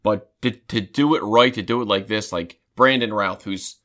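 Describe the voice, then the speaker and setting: A man co-hosting a casual chat, rambling and restarting often as an excited fan. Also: fairly low pitch, moderate pace. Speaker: podcast co-host.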